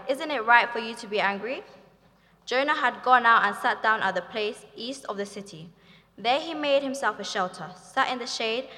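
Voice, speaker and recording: A woman reading a Bible passage aloud in a measured, clear way. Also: a little high, pushed and bright. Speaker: scripture reader. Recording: long hall reverb.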